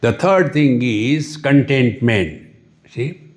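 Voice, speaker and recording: A man with an Indian English accent giving a spiritual discourse at a retreat, unhurried, often asking "See?" and chanting Sanskrit verses. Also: mid-range voice, lively intonation. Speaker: spiritual teacher. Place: retreat hall.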